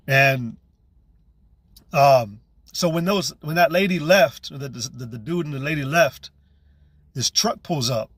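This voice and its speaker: A man's voice: fairly high pitch, fairly bright tone, no echo. A young man giving a personal testimony in a casual, intense, profane way, with frequent restarts. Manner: intense, profane, with many restarts and "you know"s. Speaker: channel host giving testimony.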